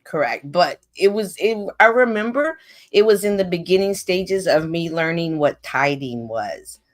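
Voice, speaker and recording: A woman's voice: fairly low pitch, animated, unhurried. A woman speaking earnestly on a live stream, telling a personal faith story in casual conversation.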